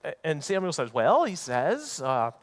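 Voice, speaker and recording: A man preaching in a church sanctuary, retelling a Bible story in a relaxed, conversational way. His pitch swings widely and sits a little high for a man, and he slips into acted voices for the characters. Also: a little slow. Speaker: pastor. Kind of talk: sermon.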